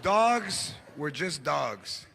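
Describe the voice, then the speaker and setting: Male stand-up comic, high gravelly voice, animated storytelling, roaring audience, live stage noise. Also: extremely slow. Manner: animated storytelling, mixing in Spanish words, frequent voices. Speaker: stand-up comedian. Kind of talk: stand-up comedy routine. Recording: live stage mic, loud crowd laughter.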